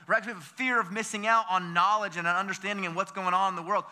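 A man from the United States preaching a sermon as pastor, energetic and full of questions to the congregation, often repeating and restarting his words. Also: high voice, fast talker.

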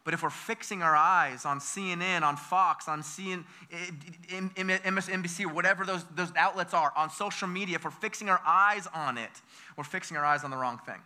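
High, bright-voiced preacher man. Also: brisk. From United States. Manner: energetic, with call-and-response questions to the congregation; repeats words and restarts phrases. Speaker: pastor. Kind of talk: sermon.

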